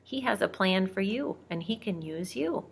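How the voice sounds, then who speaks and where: A woman telling bible stories to a child, gentle and speaking directly to the listener. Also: mid-range voice, animated, normal speed, vocal fry, slightly rough. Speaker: storyteller reading to a child. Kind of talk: bedtime bible storytelling.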